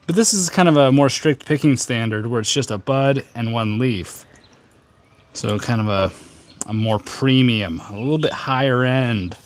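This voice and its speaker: A man's voice: mid-range voice, a little hiss or hum. A man hosting a casual tea livestream from a rooftop, talking in a rambling, chatty way full of fillers. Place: outdoor rooftop.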